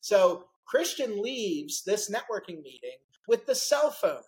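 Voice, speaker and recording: A middle-aged male podcast host in a relaxed conversation. He tells his story with animated energy and throws himself into every quoted line. The delivery stays conversational and loose throughout. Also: high-pitched, unhurried, low-quality recording. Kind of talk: casual interview storytelling.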